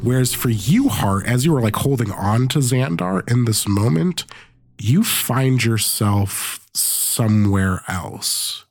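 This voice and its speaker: A man narrating a tabletop game as game master, relaxed and loose with many fillers. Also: medium pitch, slow pace, vocal fry, soft background music.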